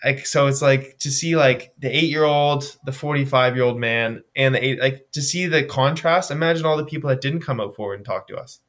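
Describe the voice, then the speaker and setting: Animated young man telling stories. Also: mid-range voice, brisk, few pauses. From Nova Scotia. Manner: animated storytelling, frequent fillers. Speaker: guest, charity runner. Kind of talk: casual interview chat. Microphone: remote video call.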